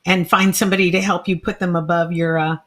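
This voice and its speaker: A woman's voice: lowish voice, flat delivery, fast talker, fairly bright tone. A woman comedian hosting a podcast, chatting casually, telling stories and agreeing often.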